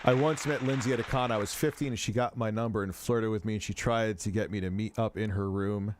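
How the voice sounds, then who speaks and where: A man's voice: lowish voice, fairly even intonation, fairly quick, crowd noise, noisy background. A man hosting a casual livestream commentary, rambling, cursing freely and often cutting himself off mid-sentence. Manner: rambling, profane, self-interrupting. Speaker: host.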